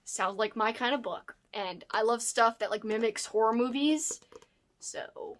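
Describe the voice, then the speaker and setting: Woman, book vlogger, casual chat at home, excitable, slightly high voice, camera mic. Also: normal speed. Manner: bubbly and excitable, chatting to her dog between books.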